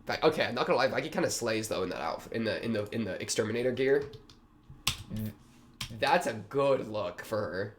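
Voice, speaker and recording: A man's voice: on the low side, expressive, fairly quick, slight background noise. A young man hosting a reaction video, talking in a rambling, slangy way with lots of fillers. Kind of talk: casual reaction commentary.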